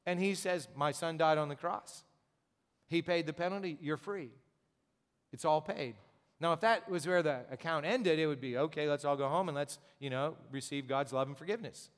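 Pastor guy preaching, kinda high voice, lots of "and, and", long church echo. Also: moderate pace, smooth. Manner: conversational preaching, rhetorical questions, repeats words. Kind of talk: sermon. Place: church sanctuary.

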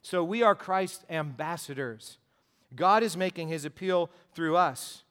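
High-voiced man preaching a sermon. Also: a little slow, fairly bright tone, smooth. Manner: earnest, repetitive preaching with rhetorical questions. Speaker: pastor.

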